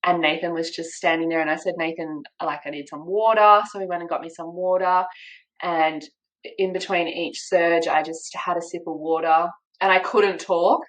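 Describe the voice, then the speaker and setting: A woman's voice: fairly low pitch, moderate pace, rough recording. Young Australian woman telling a story. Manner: animated retelling with lively quoted voices and laughter. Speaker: podcast guest. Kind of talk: casual storytelling.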